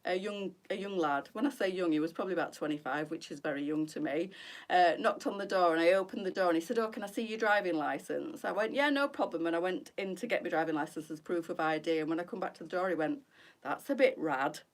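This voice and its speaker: Lady in her middle years, chatty live stream host, voice a bit on the low side, calls everyone girls. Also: quick pace. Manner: chatty and gossipy, addressing viewers as girls. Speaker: boutique owner hosting a live stream. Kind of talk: casual live-stream chat.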